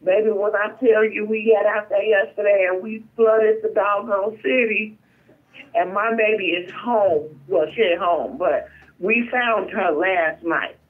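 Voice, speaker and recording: A woman's voice: mid-range voice, unhurried, slightly rough. A woman calling in by phone as a guest, speaking in an emotional, emphatic way. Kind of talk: phone-in testimony. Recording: tinny phone line.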